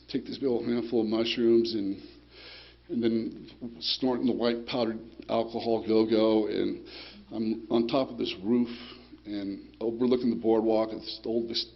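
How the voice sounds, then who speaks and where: On a lo-fi recording, a medium-pitched man shares his personal testimony at a recovery group. His account wanders and has a streetwise edge, with cursing and frequent checks of "you know, right?"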